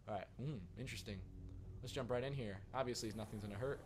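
A male gamer talks over his play, joking one moment and grumbling in mock curses the next. His voice sits at an ordinary pitch. Steady noise from the game runs beneath him. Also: fast. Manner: joking and grumpy, mock cursing. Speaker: gaming channel host. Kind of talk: let's play commentary. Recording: commentary over noisy game audio.

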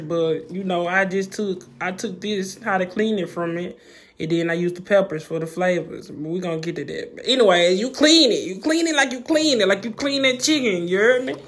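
Slangy, joking home cook vlogging from the kitchen; relaxed banter, medium pitch, faint hiss behind. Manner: slangy, joking and laid-back. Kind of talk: casual cooking vlog chat.

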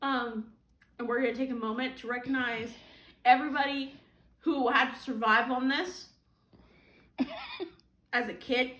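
A woman's voice: high-pitched, fairly even intonation, unhurried, long pauses, pushed and bright. A young woman reviewing a boxed food item with sarcastic jokes and frequent laughter. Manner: sarcastic, joking, laughs often. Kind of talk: comedic food review chat. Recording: echoey room with faint noise.

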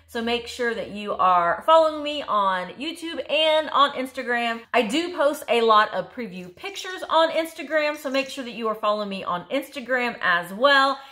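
A middle-aged woman chats through a reseller haul video with eager enthusiasm. Her fairly high voice swoops up and down as she thinks aloud, restarting sentences as she goes. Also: lively intonation, normal speed, few pauses, pushed and bright. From United States. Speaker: thrift reseller vlogger. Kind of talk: casual haul video chat.

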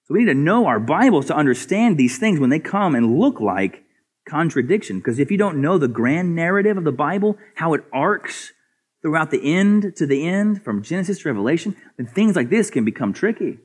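A man's voice: big pitch swings, a little fast, husky. Earnest male pastor preaching a sermon. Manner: earnest preaching with rhetorical questions and repeated words; swings between soft, low asides and raised, higher emphatic passages.

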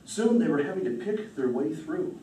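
A man telling a myth to an audience in a relaxed way, repeating phrases as he goes. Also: fairly high pitch, normal speed, slight background noise. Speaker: storyteller. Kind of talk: storytelling performance. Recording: roomy distant hall mic.

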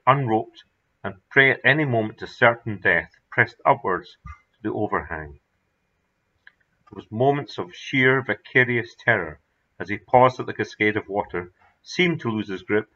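A man reading his own horror story aloud in a measured, dramatic narration. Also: fairly low pitch, bright, forceful tone. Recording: dull lo-fi recording.

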